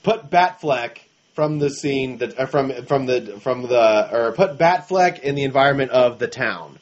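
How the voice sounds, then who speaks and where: A man's voice: mid-range voice, lively intonation, measured pace. A man co-hosting a podcast in casual chat, talking emphatically and often restarting his sentences. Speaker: podcast co-host. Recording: dull lo-fi recording.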